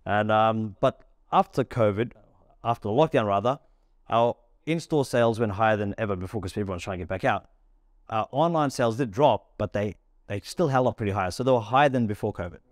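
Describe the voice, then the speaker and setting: A man's voice: lowish voice, dry recording, studio quality. A man, a restaurant founder, telling stories in a casual podcast interview and acting out bits of dialogue. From Australia. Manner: rapid, animated storytelling with acted-out dialogue.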